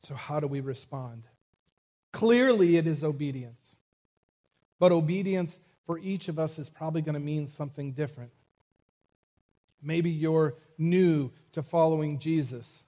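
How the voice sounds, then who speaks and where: A man preaching a sermon as a church pastor, reading scripture and speaking to his congregation in a measured way. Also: fairly high pitch, warm tone. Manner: preaching with rising intensity, measured pacing.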